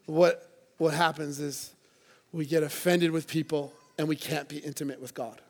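A man's voice: fairly high pitch, steady tone, moderate pace, vocal fry, a little mellow. A man preaching a sermon to a church congregation, earnest and conversational, with playful asides. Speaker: pastor.

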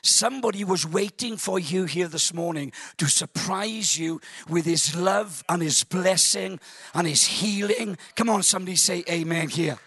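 A man preaching a sermon in a church service, telling a funny story in an animated, joking way with stammering restarts. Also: high-pitched, moderate pace, gravelly, breathy edge.

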